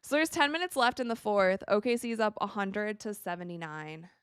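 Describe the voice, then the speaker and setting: A woman's voice: medium pitch, fairly quick, fairly bright tone, clear, resonant tone, dry recording, studio quality. A young woman hosting a live watch stream, chatting casually and reacting to the plays as they happen. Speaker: livestream host.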